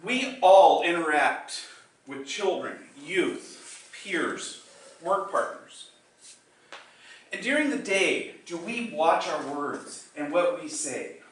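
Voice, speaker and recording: A man's voice: a little high, animated, slight background noise. Older man giving a speech in an echoey hall. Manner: dramatic pauses, slows down for emphasis. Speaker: contest speaker. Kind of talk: storytelling public speech. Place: meeting room or hall. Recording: echoey hall, mic at a distance.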